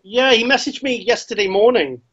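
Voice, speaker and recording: A man co-hosting a casual talk show, telling stories with lots of restarts and excitement. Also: very high voice, a little fast, husky. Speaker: co-host. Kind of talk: casual chat. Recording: slightly dull lo-fi sound.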